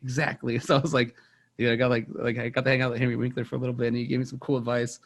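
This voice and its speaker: A man's voice: medium pitch, flat delivery, very fast. A young man, rambling through a casual movie chat on a podcast and repeating words as he tells stories. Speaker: podcast co-host.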